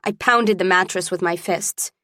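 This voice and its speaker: A woman's voice: fairly low pitch, normal speed, pushed and bright, no room sound. Woman narrating an audiobook, dry close sound. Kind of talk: first-person audiobook narration.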